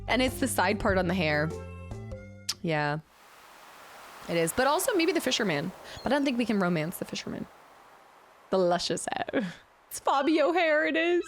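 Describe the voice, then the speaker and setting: A young woman live-streaming a video game, chatting casually and reacting with excitement. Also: a little high, moderate pace, soft background music.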